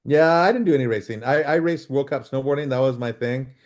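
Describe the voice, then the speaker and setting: A middle-aged man from Canada tells freeride stories as a podcast guest, his voice at an everyday pitch. He talks over a video call and acts out the other people in his tales with lively shifts. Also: brisk. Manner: animated storyteller, acts out quoted dialogue. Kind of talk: casual storytelling interview.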